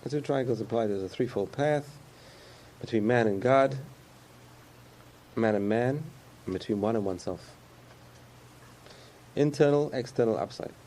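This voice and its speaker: A man's voice: medium pitch, moderate pace, pauses often, mellow, slight background noise. A man giving a conversational sermon about faith, repeating phrases and chuckling often.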